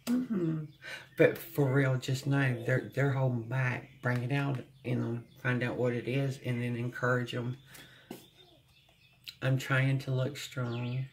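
Slow, gravelly-voiced tarot reader humming softly. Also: mid-range voice, slight background noise. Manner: slow, gentle, often humming and sighing; speaks with emotion, close to tears at times. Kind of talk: channeled tarot reading to viewers.

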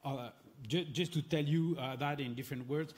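A man's voice: on the high side, a little mellow. French-accented man, hesitant panel guest. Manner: measured, hesitant, many fillers. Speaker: panel guest, Dominican friar. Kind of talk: panel discussion.

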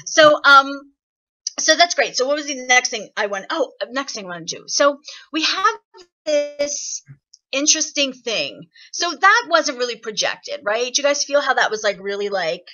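Woman, singing teacher, online voice lesson, chatty and encouraging, fairly high voice, dull video call sound. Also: normal speed. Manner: chatty, encouraging, explains with lively examples. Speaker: singing workshop instructor.

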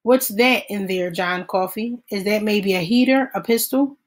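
Wary male deputy, quiet and careful, read by a woman for an audiobook. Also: mid-range voice, moderate pace, close to an everyday voice. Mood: calm questioning. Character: steady male sheriff's deputy, wary but calm.

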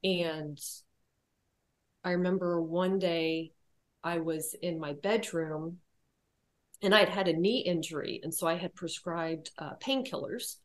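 Woman, podcast guest, low-pitched voice, hesitant, reflective, personal storytelling. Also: fairly even intonation, slow. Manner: hesitant, with many fillers and restarts. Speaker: podcast guest sharing her loss.

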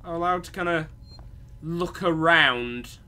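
A man's voice: a little high, a little slow, bright, forceful tone. A man doing rambling, sweary, sarcastic let's-play commentary. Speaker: game streamer.

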